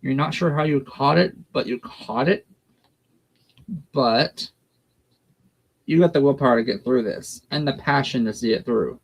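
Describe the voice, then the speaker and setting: A man's voice: medium pitch, a little slow, creaky, long pauses. A man giving a tarot reading on a livestream in a blunt, folksy way. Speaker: tarot reader.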